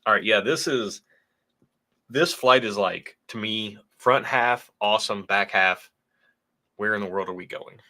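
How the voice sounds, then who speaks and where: A low-pitched man with a bright, forceful tone talks casually on a livestream. He keeps a laid-back, joking manner while reading viewer messages aloud. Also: measured pace. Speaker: whiskey channel co-host.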